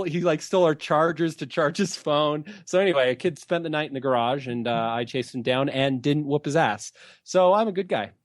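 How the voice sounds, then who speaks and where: A man's voice: mid-range voice, no room sound, clean studio sound. A man telling a rambling story as a podcast guest, laughing easily. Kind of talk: casual chat.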